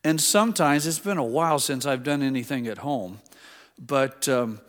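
A man's voice: mid-range voice, moderate pace, a bit bright. Man preaching a sermon in a reverberant hall. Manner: conversational, with personal asides and stories.

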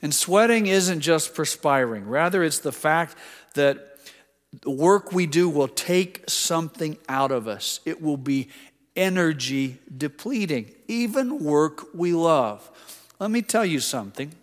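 A man delivering a sermon in a somewhat high voice, relaxed and conversational, stopping for personal asides and stories. His words ring out with a long reverb tail from the church hall. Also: a little slow. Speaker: preacher.

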